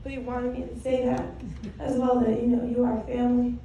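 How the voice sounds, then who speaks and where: Woman, slightly high, emotional toast, far from the mic in a roomy, noisy space. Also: little pitch movement, a little fast, warm tone. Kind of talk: heartfelt party toast. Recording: echoey room, far mic, crowd.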